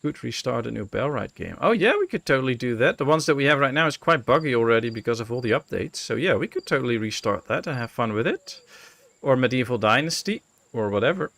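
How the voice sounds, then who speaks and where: A fast-talking Dutch streamer with a medium-pitched, creaky voice plays a colony-building game, with no echo on the recording. He chats casually with viewers and muses aloud, using many fillers.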